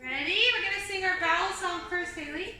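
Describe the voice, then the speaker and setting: A woman teaching an online kindergarten lesson, speaking slowly and clearly to young children and singing simple learning songs. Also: very high voice, pushed and bright, slight background noise. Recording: echoey room, a bit far from the mic.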